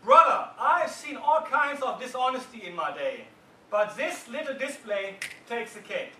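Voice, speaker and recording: A man reading out and voicing a furious, bullying male juror who shouts down the others. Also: extremely high pitch, animated, measured pace, slight background noise, voice pushed up, full character voice. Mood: enraged. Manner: shouting, loud and heated. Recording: roomy hall from far off.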